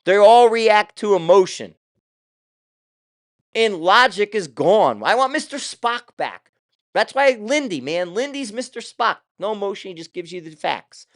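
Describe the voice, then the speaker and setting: A man's voice: sits high, animated, unhurried, no room sound, studio quality. An older man hosting his own show, talking in a casual, rambling way with loose, profane asides. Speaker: show host.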